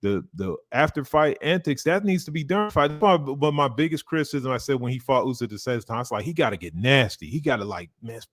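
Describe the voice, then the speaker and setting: A man talking boxing in a casual live watch-along, animated and profane, full of fillers. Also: medium pitch, fairly quick, few pauses, no echo, clean studio sound. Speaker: boxing co-host.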